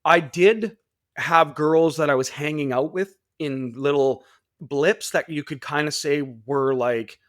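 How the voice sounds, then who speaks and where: A man in his thirties, a podcast guest telling stories casually and animatedly, jumping into high voices for quoted people. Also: measured pace, dry recording, clean studio sound. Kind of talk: casual storytelling.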